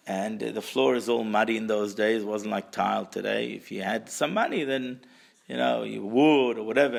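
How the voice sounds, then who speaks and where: Gravelly-voiced man teaching a Torah class. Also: lowish voice. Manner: animated, asks the audience questions, repeats words while searching; mixes in Hebrew and Aramaic terms. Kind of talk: Torah class lecture with storytelling.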